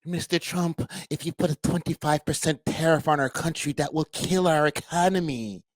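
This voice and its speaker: A man's voice: a little high, fairly even intonation, normal speed, no echo, close to an everyday voice. A man doing a mocking, whiny impression of a timid male prime minister pleading about tariffs.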